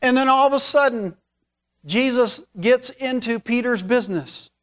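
A high-voiced man retelling a scripture story from the pulpit. He talks in a conversational, folksy way, drifting into casual asides as he preaches. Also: moderate pace, a bit bright, smooth. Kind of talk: storytelling sermon.

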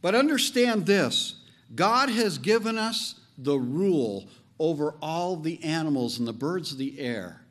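A man preaching a sermon as pastor, animated and joking, leaning on slow emphatic phrases. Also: on the high side.

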